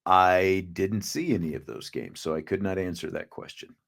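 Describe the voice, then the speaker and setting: A man hosting a podcast in casual sports chat, relaxed and reading out viewer comments. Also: low-pitched, normal speed, creaky. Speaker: podcast host.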